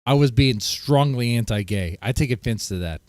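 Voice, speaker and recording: A male livestream host chatting with viewers in a loud, profane, heated way. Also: medium pitch, lively intonation, moderate pace, slight background noise. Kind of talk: casual livestream chat with viewers.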